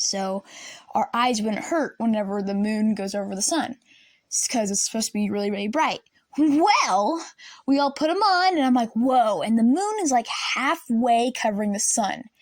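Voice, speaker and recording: A young woman tells a personal story in a casual vlog, her voice sitting high and bouncing as she acts out each person in it. The recording is close and dry, with no room sound around her. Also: moderate pace, no echo. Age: young adult. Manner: animated, acts out classmates and teachers. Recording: dry close room, faint lamp buzz.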